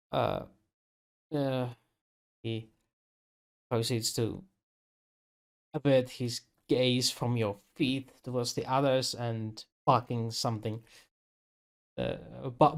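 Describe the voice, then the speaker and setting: A man runs a tabletop game, speaking slowly and haltingly. He often stops to search for words while he describes the scene. His pitch sits in an ordinary middle range. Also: gravelly. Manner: slow and hesitant, many pauses and fillers. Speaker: game master.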